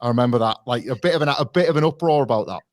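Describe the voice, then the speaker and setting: A man's voice: mid-range voice, very fast, dry recording, clean studio sound. A man, a podcast guest, chatting casually in a rambling way full of "like" fillers. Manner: rambling, full of "like" fillers, laughs while talking.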